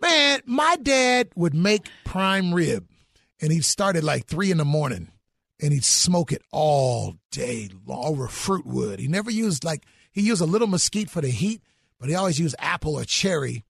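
A man's voice: fairly high pitch, big pitch swings, normal speed, gravelly, fairly bright tone, breathy edge, dry recording, studio quality. A middle-aged man in an enthusiastic interview chat, exclaiming about food. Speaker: guest.

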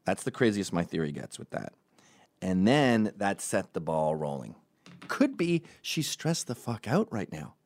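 A man's voice: deep voice, sing-song, unhurried, dry recording. A man ranting comedically as a podcast host, rambling and profane, jumping between tangents. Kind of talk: comedic rant.

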